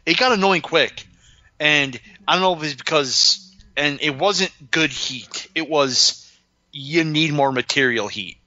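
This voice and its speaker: A man co-hosting a casual wrestling podcast, telling stories in an animated way and swearing freely. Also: on the high side, measured pace, lo-fi sound. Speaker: podcast co-host. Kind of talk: casual chat watching wrestling.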